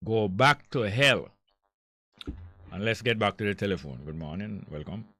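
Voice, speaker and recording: An older man with a Jamaican accent hosting a call-in radio show, reading out listener messages and answering them in an animated, argumentative way. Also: fairly low pitch, normal speed, dry recording. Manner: reads listener messages aloud, argues back heatedly. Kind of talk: casual call-in radio talk.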